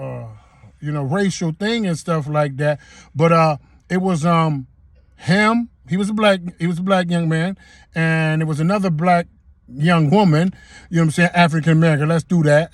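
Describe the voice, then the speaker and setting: A man's voice: sits high, dry recording, clean studio sound. A man telling a personal story straight to the camera in a casual, emphatic way, repeating himself and using everyday slang. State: getting emotional. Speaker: vlogger.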